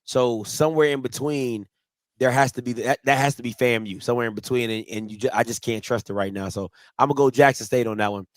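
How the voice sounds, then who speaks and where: A man's voice: mid-range voice, quick pace, dry recording. A man hosting a sports talk show, moving through segments and laughing easily. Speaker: host.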